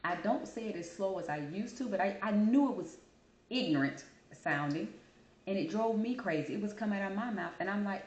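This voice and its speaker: A woman hosting her channel, talking casually to camera and telling her story in an animated, chatty way. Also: mid-range voice, fairly quick. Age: adult. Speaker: channel host. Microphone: camera mic. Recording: roomy echo.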